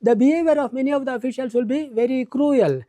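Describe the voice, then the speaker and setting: A man lectures in a high, mellow voice. He speaks slowly, ticks off qualities one after another, and keeps dropping in "I tell you". The sound is dry and close. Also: no room sound. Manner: repeats the filler "I tell you" and lists words one by one; slow and deliberate. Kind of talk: educational lecture.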